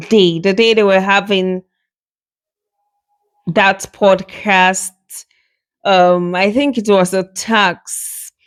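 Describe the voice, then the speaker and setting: A woman's voice: mid-range voice, a bit bright. A woman casually narrating a reality show recap in a loose, rambling storytelling way with fillers.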